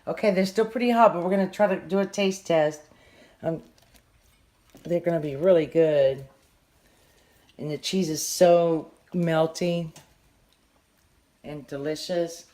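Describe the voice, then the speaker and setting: A woman's voice: low-pitched, steady tone, slow, long pauses, dark tone. A woman, hosting a casual home cooking vlog and chatting through each step in her kitchen. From Southern United States.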